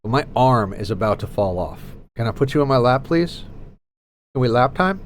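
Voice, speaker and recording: A man live-streaming a game, chatting casually with viewers, doting on his cat in playful baby talk and telling animated stories. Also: mid-range voice, moderate pace, slight background noise. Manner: animated storyteller.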